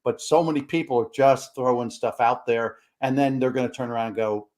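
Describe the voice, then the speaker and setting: A man hosting a podcast, asking his guest questions in halting phrases with restarts. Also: medium pitch, steady tone, darkish tone. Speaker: podcast host. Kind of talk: interview questions.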